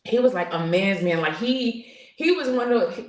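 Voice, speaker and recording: A woman's voice: on the high side, animated, normal speed. A woman in her forties, a guest on a podcast, tells a personal story in an earnest, open way, with many fillers and restarts. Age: 40s. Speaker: podcast guest, military veteran. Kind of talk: candid personal storytelling in conversation. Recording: roomy echo.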